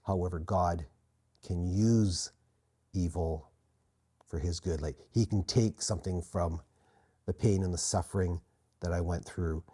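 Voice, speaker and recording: A man as an interview guest, quietly and earnestly telling his personal faith testimony. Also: deep voice, fairly even intonation, a little slow, long pauses, slightly rough. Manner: quiet, earnest, reflective storytelling.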